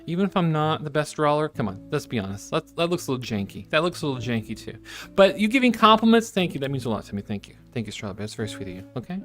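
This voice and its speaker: A man's voice: a little high, very animated, racing, soft background music. A man streaming casually while he draws, chatting in a playful, rambling way and slipping into silly voices.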